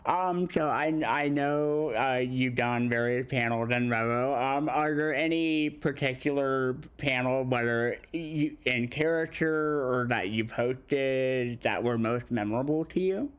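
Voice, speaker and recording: A convention panel interviewer who asks questions in a halting, stammering, excitable way. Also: medium pitch, clear, resonant tone.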